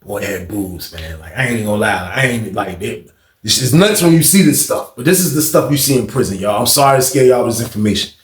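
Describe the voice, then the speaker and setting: A man's voice: on the low side, expressive, a little fast, roomy sound. A man telling a story in a casual, slangy, profane way and talking to his viewers as "y'all".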